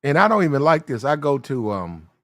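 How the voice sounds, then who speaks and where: A man telling casual stories in a profane, animated way, acting out the other voices in the dialogue. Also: on the high side, fairly quick, vocal fry, dry recording, studio quality. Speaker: reaction video host. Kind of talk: casual storytelling rant.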